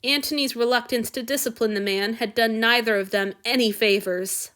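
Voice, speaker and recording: Woman, narrator, high pitch, steady expressive reading, audiobook. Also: normal speed. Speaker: reader. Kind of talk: audiobook narration of fan fiction.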